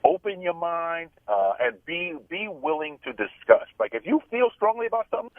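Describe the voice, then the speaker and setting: A man guesting on a radio show, telling stories in an animated way with many restarts. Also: a little high, moderate pace, dry recording. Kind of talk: casual radio interview. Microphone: phone line. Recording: phone-line call, dry.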